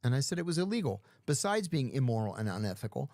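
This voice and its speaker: A man's voice: mid-range voice, big pitch swings, fast, darkish tone, no room sound, clean studio sound. A middle-aged man telling stories in casual talk, acting out other people's lines as he goes. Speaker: podcast guest. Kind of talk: casual storytelling.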